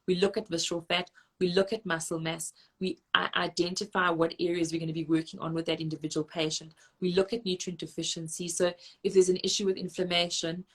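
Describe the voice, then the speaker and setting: A woman dietitian, giving brisk, practical advice in lists during a live online Q&A. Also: fairly low pitch, flat delivery, husky. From South Africa. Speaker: registered dietitian.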